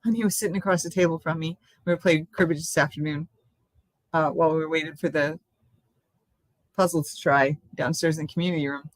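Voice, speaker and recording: A woman's voice: deep voice, steady tone, brisk, dry recording. An older woman hosting a casual live stream, chatting in a rambling way from home and laughing often.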